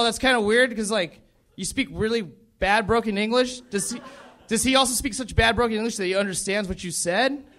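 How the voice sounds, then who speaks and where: A man's voice: very high voice, fairly bright tone. A young man from the American South doing a profane, rambling stand-up set and laughing at his own jokes. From Southern United States. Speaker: stand-up comedian.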